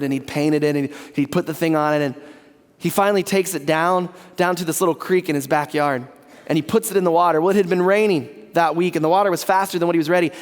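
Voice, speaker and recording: A man's voice: fairly high pitch, big-room sound. A man preaching a sermon as pastor, earnest and conversational with asides to the congregation. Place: church sanctuary.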